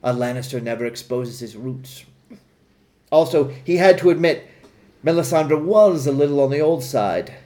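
Podcast co-host, deadpan comic narrator, slightly high voice. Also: male voice, moderate pace. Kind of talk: comic fan-fiction narration.

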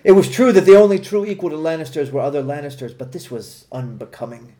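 A man's voice: on the high side, lively intonation, fast talker, warm tone. Man narrating comic fan fiction. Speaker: podcast co-host.

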